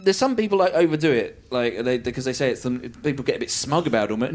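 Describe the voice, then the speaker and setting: A man doing a stand-up routine, animated and self-mocking with deadpan asides. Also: medium pitch, fast, faint music behind. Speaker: stand-up comedian.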